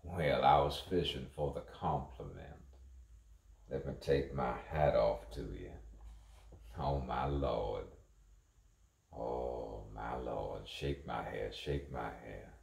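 Man, very deep voice, gravelly, slow, rambling monologue, repetitive. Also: darkish tone, echoey room. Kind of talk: improvised spoken monologue.

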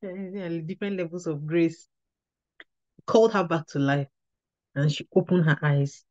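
A woman's voice: on the low side, a little slow, darkish tone, dry recording. Earnest woman telling a faith story. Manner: earnest storytelling, repeats and restarts phrases. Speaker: women's ministry teacher. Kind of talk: devotional teaching with testimony. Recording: slightly dull lo-fi recording.

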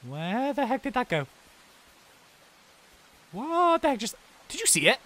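Guy narrating his gameplay, voice jumps all over, laughs and yelps a lot. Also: sits high. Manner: excitable, laughs and exclaims often. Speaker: gaming video host. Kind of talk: casual let's-play commentary.

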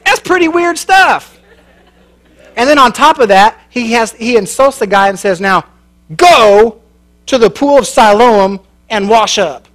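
A man's voice: very high-pitched, expressive, a little slow, a bit bright. A man preaching a sermon in a church, telling a story in a folksy, joking way and laughing at his own lines. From American Midwest.

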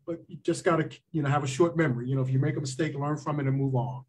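A man appearing as a sports official guest, giving calm, measured advice in casual interview talk. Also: on the high side, slight background noise.

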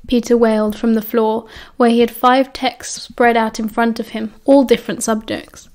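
A woman with a British accent narrating an audiobook in a steady storytelling way. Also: fairly high pitch, normal speed, hardly any pauses. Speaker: audiobook reader.

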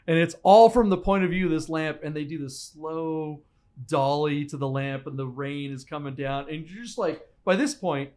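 A man with a fairly high voice co-hosts a casual podcast from a studio. He tells stories with energy and acts out the scenes as he goes. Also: moderate pace. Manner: animated storyteller, acts out scenes. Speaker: podcast co-host. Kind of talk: casual chat.

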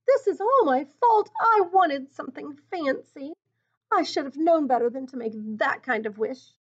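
A woman's voice: on the high side, very animated, fast, fairly bright tone, slightly rough, exaggerated voice. A woman voicing an earnest, remorseful young Amish girl in a storybook read-aloud, pleading and close to sobbing. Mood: distressed. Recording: dull lo-fi recording.

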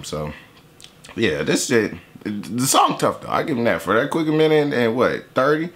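A man's voice: mid-range voice, very animated, brisk, fairly bright tone, a little hiss or hum. A young man giving a casual, joking reaction to a song. He swears a lot and slips into mocking impressions of other people. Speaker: YouTuber reacting to a diss track. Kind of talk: casual profane reaction commentary.

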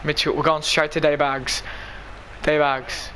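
Male gamer, high bright voice, excitable live commentary, shouts at the play. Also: a little slow, a little hiss or hum. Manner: excitable, shouting and pleading at the game. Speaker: gaming YouTuber.

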